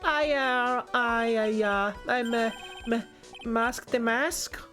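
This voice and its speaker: A woman's voice: a little high, slow pace, fairly bright tone, faint music behind. A woman voicing a stammering, timid young man. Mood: nervous. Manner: stammering, hesitant. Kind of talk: reading a game script aloud.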